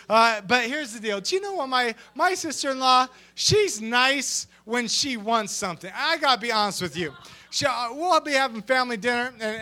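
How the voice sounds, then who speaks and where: A man preaching an energetic sermon as pastor, joking and acting out little voices as he goes. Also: very high voice. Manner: animated and joking, acts out voices.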